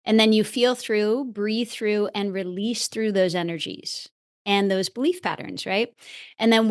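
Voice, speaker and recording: A woman speaking as a podcast guest in an interview, earnest and expressive, stretching key words as she talks about her teaching. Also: mid-range voice, normal speed, clean tone. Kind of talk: reflective interview talk.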